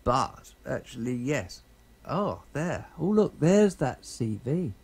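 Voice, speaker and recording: A man streaming a space survival game, talking casually in a halting, rambling way full of fillers and restarts. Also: mid-range voice, very animated, gravelly, a little mellow, husky. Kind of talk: casual gameplay chat. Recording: noisy game sound behind the voice.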